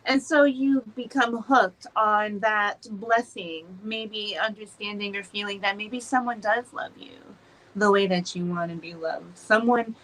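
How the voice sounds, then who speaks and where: A woman co-hosting a podcast in casual chat, expressive, laughing often and swearing freely. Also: medium pitch, rough recording. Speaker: podcast co-host.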